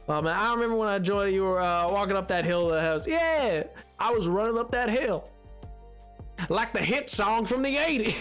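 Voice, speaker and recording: Excitable rambling game streamer. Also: mid-range voice. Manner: rambling and excitable, reading chat aloud with many restarts; sometimes puts on a joking accent. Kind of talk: casual livestream chat while playing a building game.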